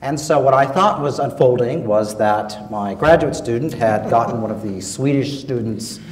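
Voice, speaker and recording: A man telling a story as a guest on a public panel, wry and halting, with plenty of fillers. He sounds set back from the microphone. The long tail of a large hall carries his voice. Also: mid-range voice. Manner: wry, hesitant with many fillers. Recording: echoey hall, voice from far off.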